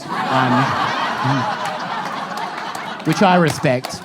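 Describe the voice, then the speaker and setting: A man's voice: medium pitch, animated, unhurried, pauses often. A young Australian man with a chatty, self-mocking stand-up manner, dropping crude jokes and tagging his lines with "right?". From Phillip Island, Australia. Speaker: stand-up comedian. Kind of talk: stand-up comedy set. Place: comedy stage before a live audience. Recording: live stage recording with audience noise.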